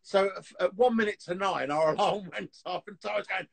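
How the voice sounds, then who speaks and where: A man, a TV antiques dealer, telling stories in a casual, animated way on a live video call. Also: high-pitched, gravelly, poor audio. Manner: chatty storyteller, animated, quick laughs. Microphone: phone on a live video call.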